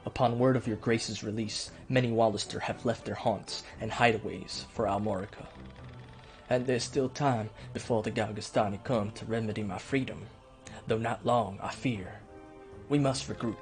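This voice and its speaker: A man voicing a pompous, scheming middle-aged duke in a game let's play, with a nasal, weaselly twang and formal, drawn-out courtly speech. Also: lowish voice, fairly even intonation, soft background music, natural voice.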